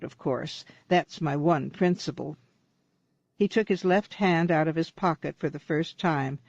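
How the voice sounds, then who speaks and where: A woman reading a short mystery story aloud as an audiobook narrator, giving the characters light voices in a steady storytelling manner. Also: deep voice, dry recording, lo-fi sound. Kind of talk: scripted narration.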